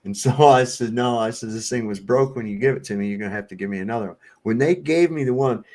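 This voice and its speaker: A man's voice: medium pitch, quick pace, a little mellow. A man from Virginia hosting a livestream, telling casual stories with lots of swearing and laughter. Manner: profane storyteller, laughs often. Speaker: livestream host. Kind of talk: casual chat. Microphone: home streaming setup.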